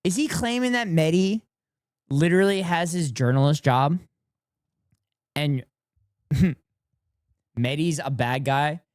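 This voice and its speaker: Excitable male streamer, dry sound. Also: fairly high pitch, smooth, dry recording. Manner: excitable, repeats phrases, laughs often. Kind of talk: casual reaction commentary to chat.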